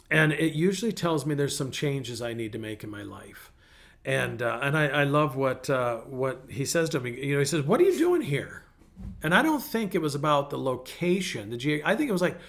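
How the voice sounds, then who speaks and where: A man's voice: mid-range voice, a bit bright. A middle-aged male pastor preaching a conversational sermon, telling personal stories in a folksy way with frequent restarts.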